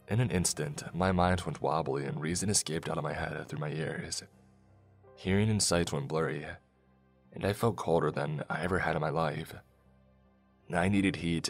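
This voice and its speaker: A man with an extremely deep voice tells a first-person horror story. He keeps a low, measured storytelling pace. Faint music plays underneath. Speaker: narrator.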